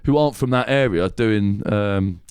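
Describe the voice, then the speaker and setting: On the low side and at normal speed, this podcast host's voice is darkish, clear and resonant, with a dry, clean studio sound. The talk is casual, comedic and rambling, with lots of swearing and laughter.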